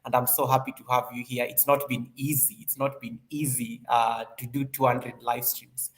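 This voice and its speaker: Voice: mid-range voice, level tone, moderate pace. A livestream host in casual chat, greeting viewers one by one in an upbeat, chatty way, often repeating phrases and laughing.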